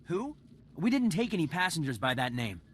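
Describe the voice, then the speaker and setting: A panicked first officer of a starship in a video game, insisting all is lost. His voice is high and lively, over faint ambience. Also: moderate pace, a little hiss or hum. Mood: despairing. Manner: panicked and defeatist.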